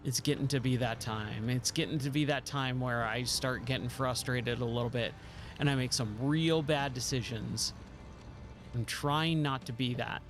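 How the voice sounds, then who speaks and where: Man, game streamer, mid-pitched voice, exasperated running commentary, faint music underneath. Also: fairly even intonation, moderate pace, fairly bright tone. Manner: exasperated, self-mocking, talks to the game. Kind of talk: live gameplay commentary.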